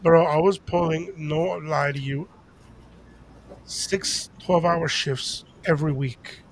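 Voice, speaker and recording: Taking his time, an older man with a fairly high voice recounts a story in easygoing podcast conversation, animatedly performing each person's lines. As co-host, he's heard over a little hiss or hum.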